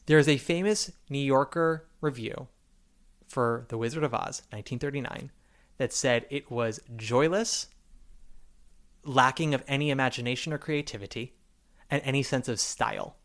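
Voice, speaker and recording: Male podcast host, mid-range voice, chatty and animated. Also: mid-range voice. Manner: animated, quick retellings with acted-out quotes. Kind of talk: casual chat.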